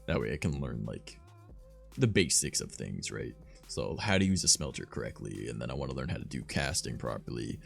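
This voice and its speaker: Young guy streaming, real low voice, swears a lot, rambles with tons of likes and ums, faint music behind. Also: expressive, brisk, creaky, a bit bright. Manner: rambling, profane, filler-heavy. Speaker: streamer host. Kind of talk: casual livestream storytelling.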